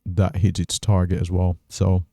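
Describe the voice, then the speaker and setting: A man hosting a trading channel, walking through his day's trades on screen in a measured, methodical way and thinking aloud. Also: deep voice, completely flat delivery, warm tone, dry recording, studio quality. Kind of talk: casual trading recap over screen recording.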